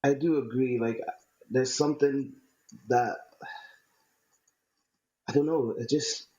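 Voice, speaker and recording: A man, a writer-musician talking reflectively in a conversation and pausing often with fillers. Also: mid-range voice, steady tone, mellow, slightly rough, rough recording. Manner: hesitant, many fillers and restarts.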